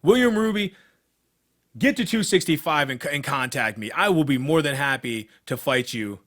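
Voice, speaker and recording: Bright-voiced man ranting on a podcast. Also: a little high, lively intonation, moderate pace. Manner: blunt, profane, worked-up ranting. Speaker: podcast co-host, MMA fighter. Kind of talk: casual podcast chat.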